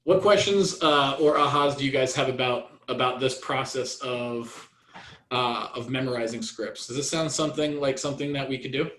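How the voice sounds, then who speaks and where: A man coaching real estate agents in a training session, energetic and repetitive. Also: mid-range voice, moderate pace, echoey room, rough recording.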